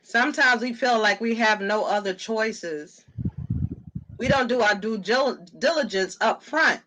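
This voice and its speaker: A co-host in a casual religious discussion whose voice has a bright, forward edge. They speak earnestly and in a measured way, and they read viewer comments aloud. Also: medium pitch, a little hiss or hum, poor audio.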